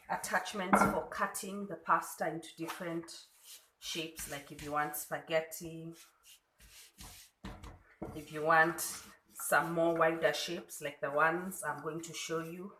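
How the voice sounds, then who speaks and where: A woman from Kenya with a Kenyan accent, a food blogger calmly walking through a cooking tutorial step by step in her home kitchen. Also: fairly low pitch, roomy sound, noisy background. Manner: unhurried, demonstrating step by step.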